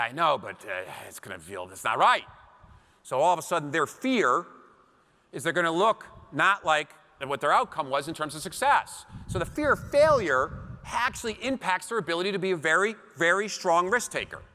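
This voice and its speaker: A man giving a seminar talk to a live audience, telling animated stories with acted quotes. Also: high voice. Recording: long hall reverb.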